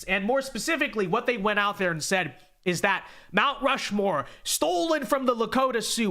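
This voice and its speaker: Male live-stream host, a bit stuffed up, high and bright, sarcastic, talks to chat. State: congested.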